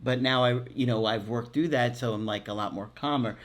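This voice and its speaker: A man's voice: mid-range voice, brisk. A middle-aged man, a relationship coach and podcast host, reads a listener's letter aloud in casual chat, joking and laughing often at his own asides.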